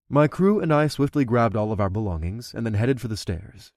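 A man's voice: medium pitch, expressive, fairly quick, a little mellow, dry recording, studio quality. A man narrating an adult fantasy audiobook, doing the main character's dialogue himself.

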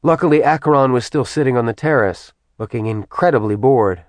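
Man, audiobook narrator, steady storytelling, average pitch, dry close sound. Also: fairly quick, no echo.

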